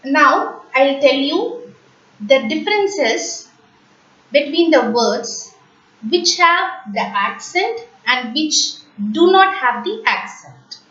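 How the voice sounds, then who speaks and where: A woman teaching a language lesson at a high pitch and a deliberately slow pace, patiently repeating each word for learners. She sits away from the microphone in a roomy, echoing space. The sound is dull and lo-fi. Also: expressive, fairly bright tone. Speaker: French teacher. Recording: echoey room, distant, dull lo-fi mic.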